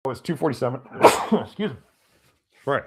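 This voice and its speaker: A man of average pitch hosts a live-stream Q&A, reading chat questions aloud and answering them off the cuff. He rambles casually, with many fillers and restarts, and sounds a little stuffed up. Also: animated, fairly quick, husky. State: slightly congested, sneezy. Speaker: host of a health podcast.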